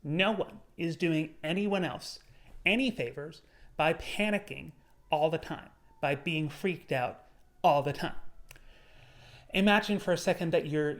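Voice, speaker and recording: A young man giving an earnest, measured motivational talk on his video channel, slowing down on key words. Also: a little high. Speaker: YouTuber. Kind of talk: motivational vlog monologue.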